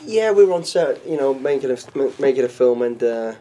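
A man's voice: mid-range voice, animated, a little fast, warm tone, slight background noise. A middle-aged man, a former soldier, chatting as an interview guest and telling stories with many "you know"s. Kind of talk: casual interview.

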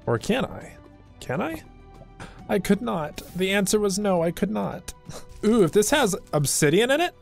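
Lively young man narrating gameplay. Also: a little high. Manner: joking, talks to his horse, sudden squeals of dismay. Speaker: let's play host. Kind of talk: casual gameplay commentary.

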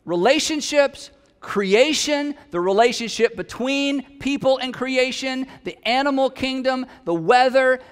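A man's voice: very high-pitched, unhurried, smooth, long reverb tail. A man preaching a sermon in a conversational, humorous way, with emphatic peaks. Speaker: pastor.

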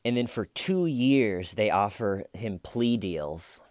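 A man talks through a true crime case in a relaxed, slow, unhurried way, his voice sitting a little low. He muses aloud wryly, stopping to restart his thoughts. The sound is dry and close, with no room. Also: no echo. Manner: wry, musing, with hesitant restarts. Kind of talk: casual video commentary.

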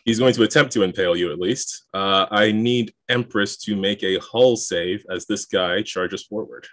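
Low-voiced man running a tabletop game. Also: moderate pace, fairly bright tone, no echo. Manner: explains rules while thinking aloud, chuckles often. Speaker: game master. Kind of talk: narrating and adjudicating a tabletop game.

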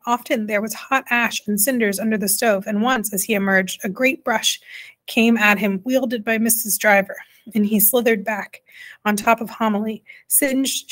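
A woman reading a children's storybook aloud in a measured way, now and then correcting herself. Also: on the high side, a bit bright. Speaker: reader.

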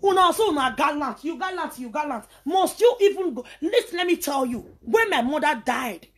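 A woman's voice: high voice, expressive, a little fast. A woman from Nigeria with a Nigerian Pidgin English accent, delivering a heated, scolding rant full of repetitions. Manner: heated, scolding, repeats herself. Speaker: social media personality. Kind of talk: angry ranting monologue.

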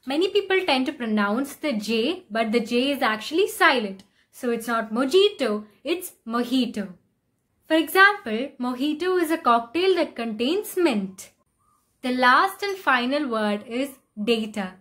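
Woman, pronunciation lesson, slightly high pitch, slow careful repetition of words. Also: lively intonation, a bit bright. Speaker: pronunciation teacher. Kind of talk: explaining and modeling word pronunciations.

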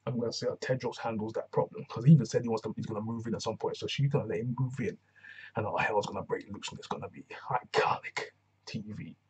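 A man's voice: on the low side, fairly even intonation, quick pace, breathy edge, low-quality recording. A man giving a casual, rambling recap of a TV episode, full of slang and restarts. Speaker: TV reviewer.

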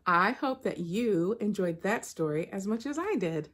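A woman reading a children's picture book aloud in an expressive storytelling manner. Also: mid-range voice, a little slow. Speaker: storybook reader.

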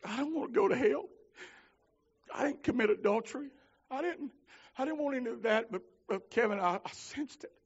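Fervent preacher man, gravelly and high. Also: a little fast, dull audio. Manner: fervent, climbs to shouting then drops low. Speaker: minister. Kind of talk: holiness sermon.

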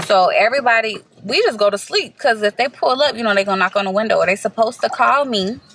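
A woman vlogger telling a story to the camera in a casual, animated way, swearing freely and calling her viewers y'all. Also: on the high side, fast talker, low-quality recording. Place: inside a parked car.

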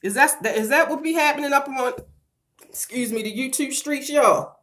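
A middle-aged woman chatting on a casual livestream, loud and playful, breaking into laughter and talking straight to her viewers while she does her hair at home. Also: high voice, moderate pace. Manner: slangy and animated, talks straight to viewers. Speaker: vlogger doing a livestream.

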